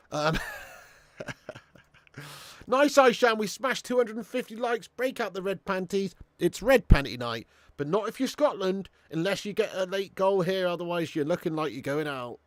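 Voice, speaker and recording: Man, high voice, dry sound, excitable, sweary live football watch-along chat. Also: moderate pace, no echo. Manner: excitable, swearing, chatty with viewers. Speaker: live stream host.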